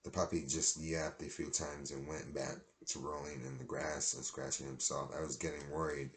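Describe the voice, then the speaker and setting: A man's voice: extremely low pitch, fairly even intonation, moderate pace, a bit bright. A man reading a children's storybook aloud, with plain delivery and some stumbles and restarts. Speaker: reader.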